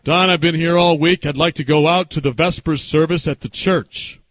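A man's voice: high voice, unhurried, no echo. A man voicing his elderly, devout grandfather, who talks earnestly and pleads, repeating himself. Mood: pleading. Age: older.

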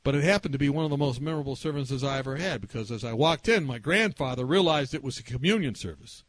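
A man preaching a sermon through a personal story, animated and swinging between loud and hushed delivery. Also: medium pitch, fast talker, dry recording.

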